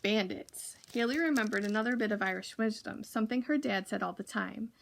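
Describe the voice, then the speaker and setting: A woman reading a children's novel aloud for a library, steady with occasional slips. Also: medium pitch, fast, creaky, slight background noise. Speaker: library reader.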